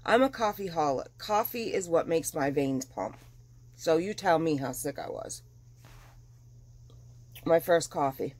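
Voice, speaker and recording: A middle-aged woman vlogging at home in a casual chat, chatty and animated, getting over the flu. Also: sits low, a little slow, pauses often. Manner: chatty and animated, dramatic retelling. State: recovering from flu. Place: at home, windows open.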